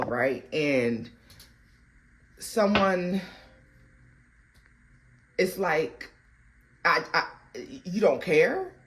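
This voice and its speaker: A woman giving a casual tarot reading to her viewers, animated and slangy. She breaks into bits of song and laughs often. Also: on the low side, a little hiss or hum. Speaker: tarot reader.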